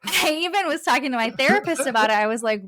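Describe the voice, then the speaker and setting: A young woman chatting as an interview guest, animated and quick to laugh as she acts out the conversations she recounts. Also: high voice, no room sound, clean studio sound. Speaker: guest, spiritual reader. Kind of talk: casual interview chat.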